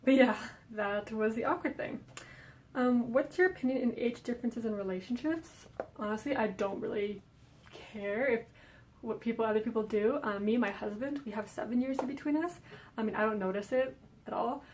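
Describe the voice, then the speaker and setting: Chatty young woman with a highish voice. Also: moderate pace, a little mellow, slight background noise, low-quality recording. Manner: chatty, many fillers like "um" and "like". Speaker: vlogger. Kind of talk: casual Q&A vlog.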